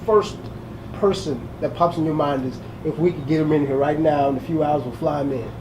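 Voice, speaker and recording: High-voiced male host, echoey room. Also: fairly quick, highs cut off, background noise. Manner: easygoing, joking, laughs often. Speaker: host, interviewer. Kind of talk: casual interview chat.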